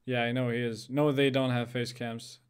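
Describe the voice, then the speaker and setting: A young man talks loosely as host of a casual podcast chat. He meanders, restarts his sentences and leans on fillers as he explains things. His pitch sits in an ordinary middle range. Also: little pitch movement, moderate pace, clear, resonant tone. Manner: rambling, many fillers and restarts.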